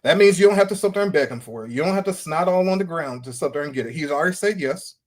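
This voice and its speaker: A man's voice: on the high side, lively intonation, rapid-fire. A man hosting a podcast, talking about faith in a fervent, sermon-like way with lots of repetition. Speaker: podcast host. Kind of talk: preaching-style podcast chat.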